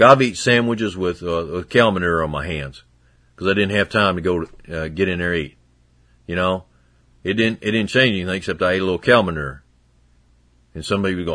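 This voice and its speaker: A man preaching a sermon in a folksy, conversational way, swinging between loud and hushed. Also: low voice, dry recording.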